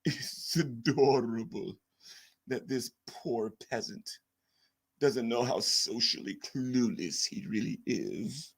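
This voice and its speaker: A man's voice: mid-range voice, slow pace, creaky, breathy edge, voice pushed down, exaggerated voice. A man voicing a smug, condescending man who talks down to others, drawn out and haughty.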